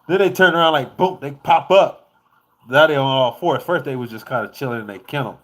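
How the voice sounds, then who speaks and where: Man, vlogger, casual storytelling, animated, rambling, profane, mid-pitched voice. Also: fairly quick.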